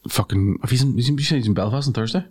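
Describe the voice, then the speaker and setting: A man's voice: medium pitch, very fast, slightly rough. A man co-hosting a casual comedy chat, jokey and swearing freely. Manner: animated, jokey, swearing, does silly voices. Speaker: podcast co-host.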